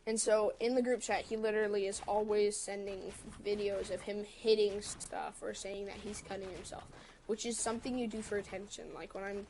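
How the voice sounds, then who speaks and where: A woman on a livestream telling a story in a casual way, quickly quoting both sides of a text argument. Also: medium pitch, flat delivery, a little mellow, a little hiss or hum, low-quality recording. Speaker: livestream host.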